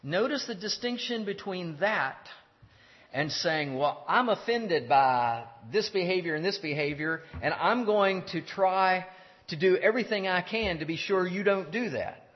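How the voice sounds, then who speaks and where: A man giving a measured theology lecture, explaining step by step with pauses and restarts. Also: sits high, lively intonation. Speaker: teacher. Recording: dull lo-fi sound with long hall reverb.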